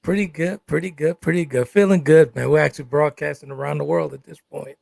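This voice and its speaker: A man's voice: fairly high pitch, steady tone, brisk, gravelly, a little mellow, no echo, clean studio sound. A man co-hosting a live talk show about relationships, talking emphatically and often repeating "exactly" and "good stuff".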